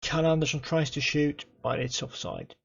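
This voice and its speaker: A man commentating his own football management game, excitable and chatty, cheering on his players and talking to them. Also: a little high, normal speed, gravelly, breathy edge, dull audio. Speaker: gaming YouTuber.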